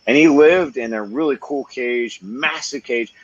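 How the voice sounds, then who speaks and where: A man hosting his podcast in casual chat, excitable, swearing a lot and laughing often. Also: mid-range voice, a little slow, no echo, highs cut off. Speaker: podcast host, reptile keeper.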